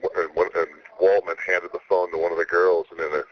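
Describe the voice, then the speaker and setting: Very deep-voiced laid-back man. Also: level tone, fast talker. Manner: rambling, with many stammered restarts. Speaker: wrestler guest. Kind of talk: casual interview talk. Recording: slightly muffled radio audio with faint hiss.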